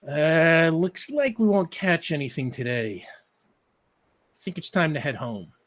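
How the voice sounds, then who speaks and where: A weary eighteen-year-old boy who keeps coaxing his little sister to head home, as a man puts him on. He sounds patient but reluctant, his voice a touch higher and louder than plain talk when he calls out. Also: animated, takes it slowly. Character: weary teenage boy, about eighteen, indulgent big brother.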